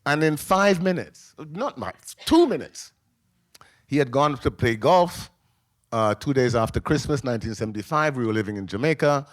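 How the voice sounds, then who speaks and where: A man in his sixties, a memoir author telling a personal family story at a live book talk, animated and emotional, acting out the people in it. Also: mid-range voice, moderate pace, no room sound. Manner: emotional, animated storyteller who acts out voices. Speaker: memoir author on a festival panel. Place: live event in a library venue.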